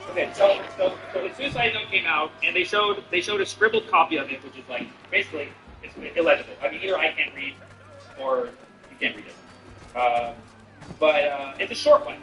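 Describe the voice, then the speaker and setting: Male streamer, high voice, rambling sarcastic riffing, far from the mic, music underneath. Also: animated, normal speed, pushed and bright. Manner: rambling, sarcastic, heavy use of "like". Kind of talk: comedic commentary while gaming. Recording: roomy, off-mic, music behind.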